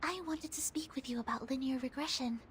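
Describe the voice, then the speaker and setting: A woman's voice: high voice, brisk, a little hiss or hum, lightly acted. An actress voicing an earnest, polite young woman in a game who speaks formally. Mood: eager. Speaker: game character.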